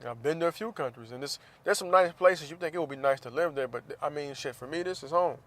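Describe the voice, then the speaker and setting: Man, podcast host, casual and profane, higher-pitched speaking voice. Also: fast, fairly bright tone. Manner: blunt, swears often, laughs between points.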